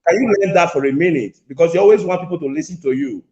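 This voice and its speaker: A caller with a high-ish, slightly mellow voice talks fast in a heated call-in argument, insistently repeating his points and confronting the host. The echoey phone line sounds dull.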